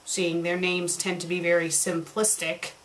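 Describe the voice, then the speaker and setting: A woman's voice: fairly low pitch, level tone, a little slow, a little hiss or hum. Sarcastic woman picking apart a story. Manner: sarcastic, exasperated. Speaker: fan fiction reviewer. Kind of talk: reading aloud with critical commentary.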